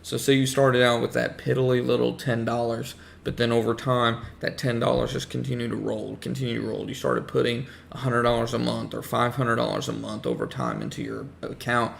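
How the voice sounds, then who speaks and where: A man hosting a casual livestream, hoarse as he loses his voice, rambling and repeating himself while greeting chat viewers. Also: medium pitch, a little fast, few pauses, slight background noise. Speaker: livestream host talking trading.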